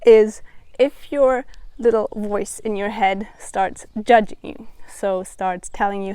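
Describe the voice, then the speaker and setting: A woman mental coach giving step-by-step advice in a calm, encouraging vlog. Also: mid-range voice, takes it slowly, smooth, no echo.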